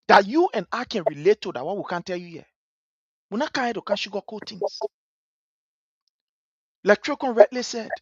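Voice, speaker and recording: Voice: mid-range voice, no echo. A talk-show host with a Liberian English accent, commenting earnestly on a live stream and repeating words for emphasis. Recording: dry, dull live-stream audio.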